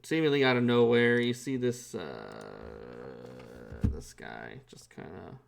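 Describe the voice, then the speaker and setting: A man running a tabletop game as game master, narrating haltingly with many fillers. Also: very deep voice, sing-song, gravelly, a little hiss or hum.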